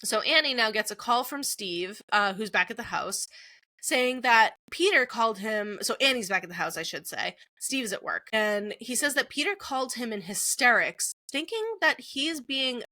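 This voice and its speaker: Bright-voiced woman recapping a film. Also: fairly high pitch, normal speed, dry recording. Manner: lively retelling, acts out characters' lines, swears freely. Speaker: podcast co-host.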